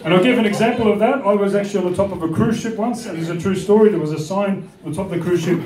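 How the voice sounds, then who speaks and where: High-voiced comic on a roomy stage. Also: male voice, racing. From Australia. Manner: jokey, puts on accents and voices. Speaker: stand-up comedian. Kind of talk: stand-up comedy set. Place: comedy club on stage. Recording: echoey club from a distance, audience laughter. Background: crowd laughing.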